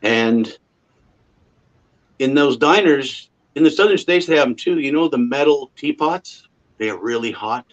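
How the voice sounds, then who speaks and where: A man's voice: mid-range voice, animated, measured pace, lo-fi sound. A man with a Canadian accent chatting casually as host of a livestream, a rambling storyteller who chuckles often.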